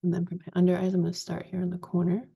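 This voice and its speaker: Gravelly, husky woman in her forties. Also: on the low side, very fast, lo-fi sound. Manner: chatty, relaxed step-by-step instructions. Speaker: makeup vlogger. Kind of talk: casual makeup tutorial.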